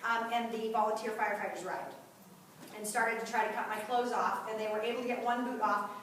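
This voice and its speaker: A woman's voice: mid-range voice, fairly quick, fairly bright tone, slight background noise. A woman giving a personal testimony to a group, telling the story vividly and acting out the voices of the people in it. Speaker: guest speaker at a mothers' group. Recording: echoey room, voice from far off.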